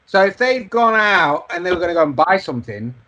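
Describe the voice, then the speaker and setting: A man's voice: high voice, sing-song, a little fast, sharp tone, dull audio. A man co-hosting a podcast, telling sweary anecdotes in casual chat. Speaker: podcast co-host.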